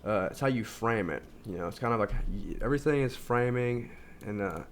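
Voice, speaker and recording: A man's voice: mid-range voice, animated, brisk, slight background noise. A man talking casually in a rambling self-help monologue, full of fillers and restarts. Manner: informal, says "like" constantly. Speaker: video host.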